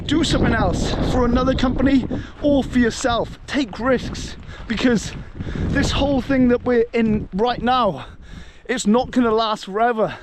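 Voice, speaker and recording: A young man with a fairly high voice gives an earnest pep talk, a little out of breath from the climb. He is filmed outdoors on a camera held as he walks. Soft hiss sits faintly under his words. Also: a little slow, hardly any pauses. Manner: earnest, motivational rant. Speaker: travel vlogger. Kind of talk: walking vlog monologue. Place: outdoors on a hillside walk in the rain.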